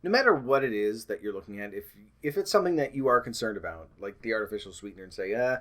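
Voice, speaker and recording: A man's voice: lowish voice, animated, fast, hardly any pauses, a bit bright. A man talking casually to the camera in a vlog, rambling with frequent ums and restarts, and putting on mock-panicked voices when he quotes alarmists. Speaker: vlogger.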